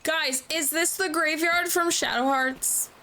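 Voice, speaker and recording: A woman's voice: high-pitched, steady tone, measured pace, sharp tone, slight background noise. Chatty, giggly woman streamer. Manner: chatty, giggly, swears freely. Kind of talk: casual let's play commentary. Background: faint game music.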